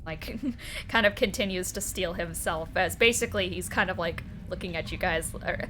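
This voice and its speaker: A woman's voice: lowish voice, moderate pace, fairly bright tone, a little hiss or hum. A young woman narrating as game master in a casual way, with lots of laughter and fillers.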